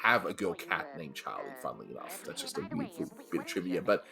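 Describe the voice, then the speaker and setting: A man's voice: low-pitched, sing-song, fast talker, creaky. A man with an Australian accent, chatting casually as a co-host reviewing old cartoons, laughing often between fillers. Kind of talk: casual chat.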